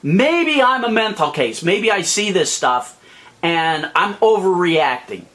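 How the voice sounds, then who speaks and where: A man's voice: sits high, very animated, takes it slowly, a bit bright. A man in a heated, profane rant to camera, exasperated and sweating under a hot light. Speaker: vlogger. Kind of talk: angry ranting monologue to camera.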